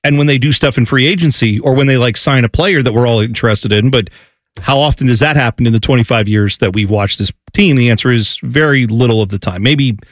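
A man co-hosting a casual sports talk show, opinionated and animated, breaking into loud mock announcer calls. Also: mid-range voice, fairly quick, no room sound. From Columbus, Ohio area. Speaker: podcast co-host.

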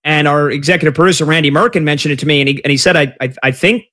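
A man hosting a sports talk radio show, taking callers in an energetic, conversational way. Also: on the high side, racing.

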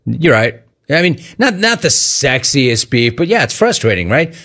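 Male talk radio host, lively pitch, joking, rapid-fire call-in banter. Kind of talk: sports talk radio, taking calls.

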